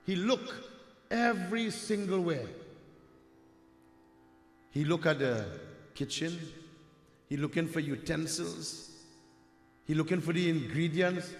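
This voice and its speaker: A man's voice: a little high, slow pace, pauses often. Trinidadian man preaching in an echoey hall. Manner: rhetorical, addresses "my dear friends", asks "huh?". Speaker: Hindu preacher telling a katha. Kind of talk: devotional sermon storytelling. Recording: echoey hall with long reverb.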